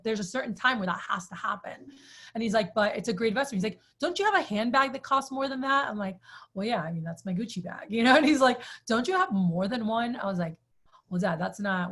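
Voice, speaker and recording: Chatty woman telling a story. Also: medium pitch. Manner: chatty, animated, says "like" often. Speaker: sales trainer. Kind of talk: storytelling talk to a group.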